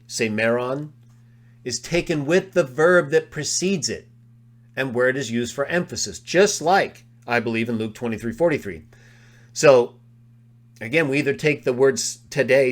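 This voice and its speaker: A man presenting a live study of biblical grammar, walking through his notes and slowly repeating quoted phrases for emphasis. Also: mid-range voice. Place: live online discussion.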